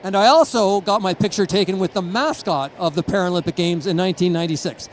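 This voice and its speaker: Man, from Canada, middle-aged, conference talk, storytelling, high voice. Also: quick pace, a little hiss or hum, poor audio. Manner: storytelling, chuckles, acts out quotes. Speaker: conference speaker. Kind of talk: conference presentation.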